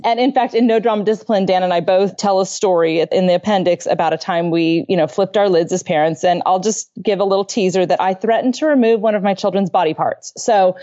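A woman's voice: medium pitch, brisk, few pauses, mellow, dull audio. A middle-aged woman on a parenting podcast, telling a story from home in an earnest, conversational way, laughing often and acting out quotes. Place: home bedroom.

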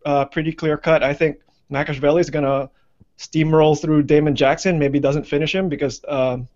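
A man's voice: a little high, steady tone, normal speed, darkish tone. A man co-hosting a casual fight-picks chat, rambling with lots of fillers. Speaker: MMA podcast co-host. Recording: lo-fi muffled audio.

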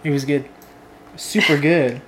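A woman's voice: low voice, steady tone, measured pace, slight background noise. A woman co-hosting and playing along in a casual chat, chatty and playful. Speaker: co-host and player. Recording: roomy echo.

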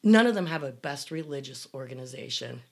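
A woman's voice: extremely low pitch, expressive, brisk, slightly rough. A woman from the Pittsburgh area co-hosting a casual chat, telling a story with incredulous sarcasm.

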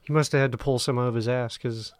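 A man's voice: medium pitch, fairly even intonation, fast talker, dry recording, clean studio sound. A man, a comedian and podcast co-host, chatting casually and cracking teasing jokes. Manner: joking, teasing interjections. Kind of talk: casual chat.

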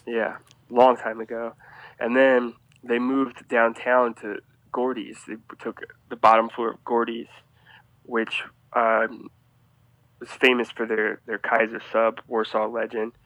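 Brief: male podcast guest, mid-pitched, spins a rambling anecdote in a dry, close sound. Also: slow, dry recording, poor audio. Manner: rambling, animated anecdote with restarts. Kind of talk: casual storytelling.

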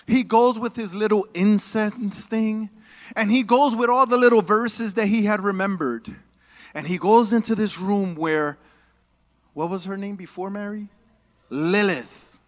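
Male preacher with a high voice, lively and joking, drawing the congregation into call-and-response. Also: a little slow. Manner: casual, joking asides. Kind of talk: sermon. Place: church.

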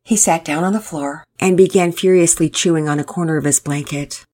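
A woman's voice: sits low, steady tone, brisk, warm tone. A woman hosting and narrating a children's family story, reading it aloud. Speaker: storyteller and host.

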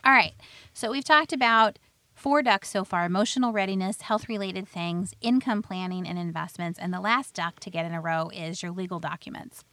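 A woman's voice: mid-range voice, moderate pace, a bit bright, no echo. A woman hosting a financial radio show, explaining retirement planning in plain words and telling stories about clients. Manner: plainspoken, tells client stories, laughs lightly. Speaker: financial advisor and radio host.

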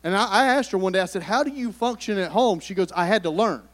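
High-voiced preacher. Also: male voice, quick pace, fairly bright tone. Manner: conversational, calls on the congregation to respond. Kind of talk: sermon.

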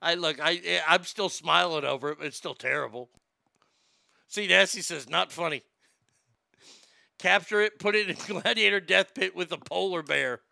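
A man hosting a live show, riffing on the news in a loud, profane, mocking rant full of stammers and jokes. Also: high voice, normal speed, creaky, pauses often, dry recording, clean studio sound. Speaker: live show host reading chat.

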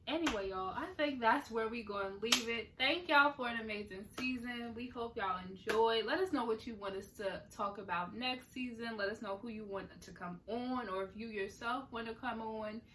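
A young woman from New Jersey co-hosts a podcast with a bright, forceful tone, animated and emphatic in casual chat. She sits a little back from the mic, with a faint hiss behind her. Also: fairly high pitch, moderate pace, hardly any pauses. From Central New Jersey. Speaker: podcast co-host. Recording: distant mic with faint noise.

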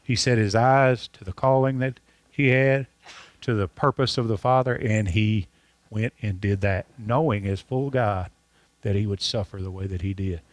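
A man preaching a sermon to his congregation, earnest and repetitive, slowing down to stress key lines. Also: fairly low pitch, no echo. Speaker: pastor.

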